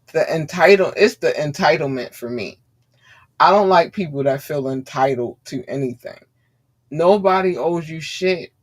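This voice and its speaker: A woman hosting a podcast, ranting bluntly and swearing freely in heated commentary. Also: sits low. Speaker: podcast host.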